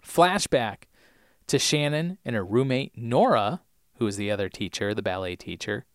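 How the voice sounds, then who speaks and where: Brief: playful male podcast host, mid-pitched, dry close sound. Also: expressive, moderate pace, no room sound. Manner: playful, punning, acts out scenes. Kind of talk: casual episode recap.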